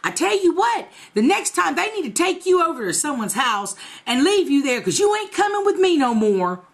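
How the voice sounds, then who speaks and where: A woman voicing a fed-up older woman who hollers orders at a young boy in a bossy, shrill way. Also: very animated, brisk, creaky, fairly bright tone, heavily acted. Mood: angry.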